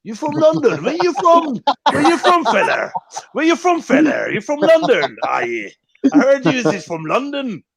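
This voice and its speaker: A man's voice: very high-pitched, huge pitch swings, moderate pace, gravelly, over a noisy crowd, pitched above the performer's own voice, full character voice. A man voicing a flirty small-town woman who keeps asking where the lads are from, in a squealing, teasing way. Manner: squealing, teasing, repeats itself.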